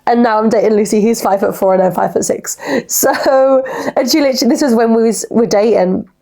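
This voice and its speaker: A woman's voice: on the high side, a little fast, mellow. A young woman, hosting a casual solo podcast in a rambling, chatty way full of "like". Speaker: podcast host.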